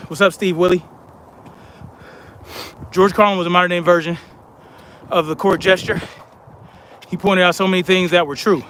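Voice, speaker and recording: Male streamer, high voice, blunt casual talk to his chat, faint traffic noise behind. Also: a bit bright. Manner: blunt, conversational, drawn-out emphasis. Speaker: live stream host. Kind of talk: casual live-stream chat reading comments.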